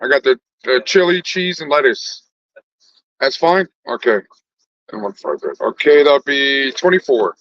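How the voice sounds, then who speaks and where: A man's voice: mid-range voice, unhurried, a bit bright, dry recording. A middle-aged man talks loosely into his phone while cooking, full of easy laughs and fillers. The sound is close and dry, with no room around it. The audio comes through somewhat dull and muffled. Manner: laid-back, loose and chatty, with frequent laughs and fillers. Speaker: food truck cook and vlogger. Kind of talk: casual livestream chat.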